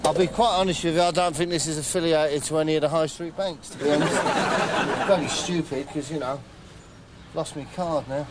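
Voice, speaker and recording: A man hosting a comedy show, rambling through a deadpan monologue full of fillers and asides. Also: on the high side, very noisy. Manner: rambling, chatty, frequent fillers and "right?". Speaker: comedy host. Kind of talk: deadpan comic monologue in character.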